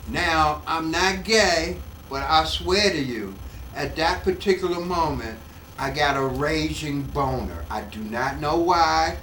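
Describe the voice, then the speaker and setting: An older male comedian telling an animated story in an interview at home, acting out the voices, recorded off-mic in an echoey room. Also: on the high side, measured pace, far from the mic, slight background noise. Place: his home.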